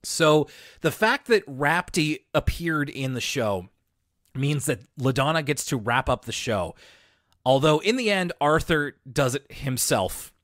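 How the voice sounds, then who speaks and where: Male podcast co-host, mid-pitch, dry booth sound, relaxed wry recap. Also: no echo. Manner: laid-back and wry, with filler words. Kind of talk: casual episode recap.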